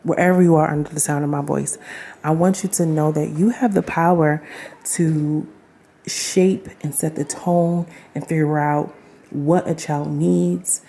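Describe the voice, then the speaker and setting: A woman's voice: deep voice, steady tone, measured pace, vocal fry, dark tone. A young woman talking casually to camera as a vlogger, chatty and affirming, speaking straight to her viewers with laughs and asides.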